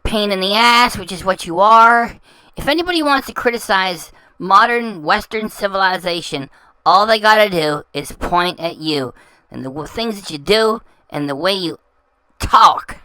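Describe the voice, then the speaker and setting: A woman's voice: medium pitch, lively intonation, moderate pace, bright, forceful tone, smooth, no echo, poor audio. A woman hosting a reaction channel, talking over clips in a scornful, insulting way and often stumbling and repeating words. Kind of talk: mocking commentary over clips.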